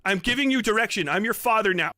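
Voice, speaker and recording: A man's voice: high voice, expressive, fast, bright, forceful tone, dry recording, studio quality. A man in his thirties on a stream, teasing and goading a younger guest with frequent laughter. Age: 30s. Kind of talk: mocking live-stream banter.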